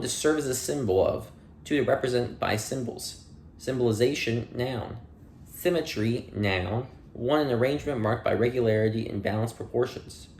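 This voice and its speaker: Male reader, mid-pitched, dry and plain, reads dictionary entries in a reverberant room. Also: slight background noise. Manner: plain reading with dry asides and playful slips. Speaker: audiobook reader. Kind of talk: reading dictionary entries aloud.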